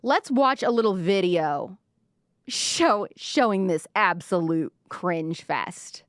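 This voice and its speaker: A woman's voice: medium pitch, expressive, takes it slowly, dry recording, clean studio sound. A woman hosting a live-stream commentary show, talking sarcastically and mockingly. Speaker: podcast host.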